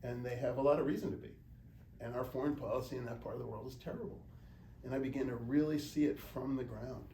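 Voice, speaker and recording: A middle-aged American man, a journalist and guest speaker, telling animated anecdotes to a small group of students and acting out quotes as he goes. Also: medium pitch, fast. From United States. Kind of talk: storytelling talk to students. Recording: echoey room, distant mic, faint noise.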